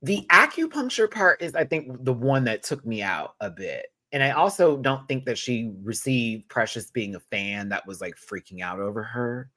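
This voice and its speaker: A young man talks through a reality show review in a loose, chatty way. His voice is bright and clear, and he often jumps up into high exclamations. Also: normal speed. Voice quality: expressive, animated, swings into high exclamations. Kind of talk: casual commentary.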